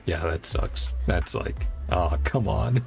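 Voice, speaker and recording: A man's voice: slow pace, vocal fry, darkish tone, soft background music. A man streaming a story game, chatting casually and laughing often between dialogue lines. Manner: chatty, laughs often, low-key asides. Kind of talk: casual gameplay commentary.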